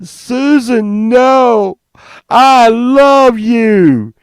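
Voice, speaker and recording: A man's voice: very high-pitched, animated, very slow, clear, resonant tone, no room sound, pitched above the performer's own voice, heavily acted. A man putting on the voice of an awkward, lovestruck young man who pleads in a whiny tone. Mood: pleading.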